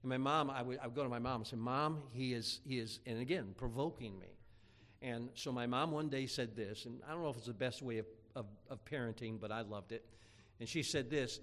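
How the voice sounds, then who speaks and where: A man preaching a sermon in a folksy storytelling way, with many restarts and asides to the congregation. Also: medium pitch. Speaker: pastor.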